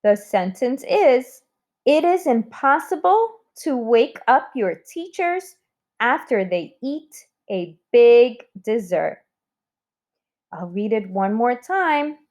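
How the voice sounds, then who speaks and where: A woman's voice: on the high side, sing-song, slow, a little mellow. A woman teaching a recorded spelling lesson to children, sounding out words letter by letter.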